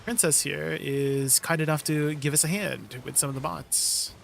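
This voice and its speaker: A man's voice: a little high, steady tone, moderate pace, gravelly, a bit bright, a little hiss or hum. Laid-back chatty male streamer. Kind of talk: casual livestream chat with viewers.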